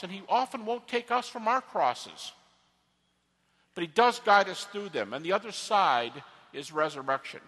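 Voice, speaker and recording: A high-voiced, lively man lectures like a preacher, bright and emphatic, swinging from hushed to loud. His voice carries a long auditorium reverb. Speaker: lecturer on religion. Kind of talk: sermon-like lecture.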